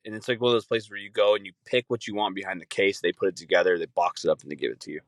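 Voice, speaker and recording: A young man spins a loose, profane story in a relaxed podcast chat, slipping into quick impressions of the people he describes. His voice sits on the low side, and the sound is dry and close with no room around it. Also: no echo. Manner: rambling, swears a lot, mimics people he tells about. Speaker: podcast host.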